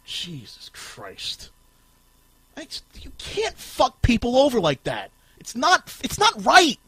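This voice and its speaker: A man hosting a podcast, ranting furiously and swearing, with shouted bursts. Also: very high-pitched, huge pitch swings, slow, slightly rough, dry recording. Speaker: podcast host. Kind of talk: profane ranting podcast talk.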